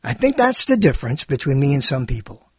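A man giving a rambling spoken monologue, animated and digressive, often correcting himself mid-sentence. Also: medium pitch, fairly quick, breathy edge, dry recording. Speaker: monologue speaker.

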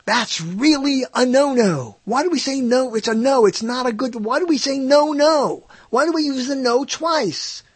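A man's voice: very high voice, normal speed, hardly any pauses, slightly rough, dry recording. A man hosting a radio show alone, talking in a rambling, digressive, self-mocking way. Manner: digressive, self-mocking, puts on silly voices. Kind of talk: rambling solo radio talk.

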